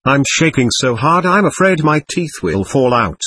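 A man voicing a blunt, matter-of-fact soldier on lookout duty, with a husky voice. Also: medium pitch, very animated, normal speed, a bit bright, no echo.

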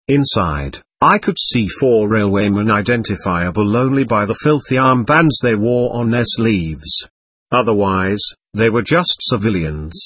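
A man narrates a first-person story with a slightly husky voice and a lively, wide-ranging pitch. His reading is earnest and measured, and the sound is close and dry. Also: no echo.

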